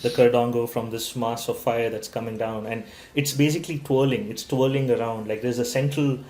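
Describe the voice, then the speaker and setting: A man playing a tabletop game, calmly describing his character's actions. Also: medium pitch, a little fast. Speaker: player. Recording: roomy echo.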